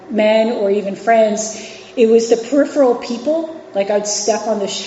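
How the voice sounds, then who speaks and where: A woman's voice: medium pitch, mellow, a little hiss or hum. Candid woman speaking in an echoey hall. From New York City and Virginia. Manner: candid, conversational, with frequent fillers and restarts. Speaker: guest speaker at a recovery meeting. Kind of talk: personal recovery share. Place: meeting hall. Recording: echoey hall, dull lo-fi sound.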